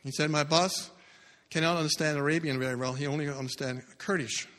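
A man delivers a sermon as a dramatic story, jumping from loud bursts to hushed, low lines. His voice sits a little high and rings bright. The sound carries the long reverb of a church hall. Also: steady tone, fairly quick. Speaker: pastor.

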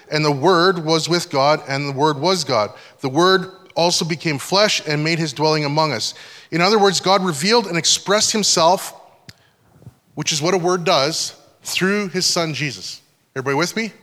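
A man's voice: a little high, fairly bright tone. Man preaching in a reverberant hall. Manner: conversational teaching, frequent check-ins with listeners. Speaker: pastor. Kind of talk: sermon. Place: church hall.

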